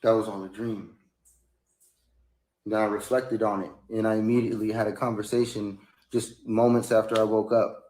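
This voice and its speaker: A man's voice: little pitch movement, moderate pace, darkish tone. Man, casual storytelling monologue, rambling, echoey room. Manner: rambling, rising to high-pitched outbursts when quoting himself.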